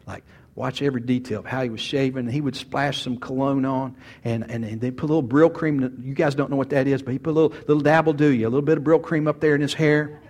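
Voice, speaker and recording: A man's voice: mid-range voice, fairly even intonation, fast talker, a little mellow. A man preaching a sermon, a folksy storyteller who often restarts his sentences. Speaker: pastor.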